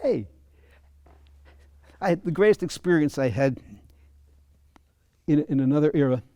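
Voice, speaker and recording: A man coaching at a fencing clinic, talking in a halting way, restarting and repeating words. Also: a little high, lively intonation, warm tone, no echo. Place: fencing center.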